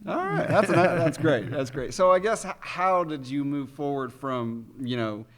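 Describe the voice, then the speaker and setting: A man's voice: a little high, very animated, normal speed. A man interviewing a guest at a convention panel, eager and casual. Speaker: interviewer host.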